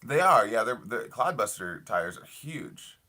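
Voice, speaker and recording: A man's voice: on the low side, sing-song, measured pace, sharp tone. A young man live streaming from his parked car at night, chatting casually with viewers in an enthusiastic, rambling way full of fillers and repeats. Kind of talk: casual live stream chat reading comments.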